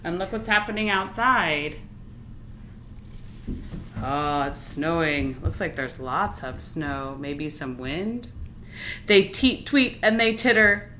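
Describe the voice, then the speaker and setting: A woman reading a picture book aloud to children, pausing to ask them questions in an animated way. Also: deep voice, slight background noise. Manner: animated, asks listeners questions. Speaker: read-aloud teacher. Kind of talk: storytime read-aloud for children.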